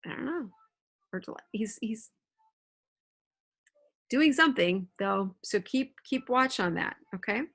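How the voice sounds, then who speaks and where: A woman's voice: a little high, lively intonation, slow, vocal fry, long pauses, fairly bright tone. A woman teacher reading a novel aloud to her students at home and explaining it in a casual, chatty way, checking in with her listeners, recorded on a computer mic. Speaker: middle school English teacher.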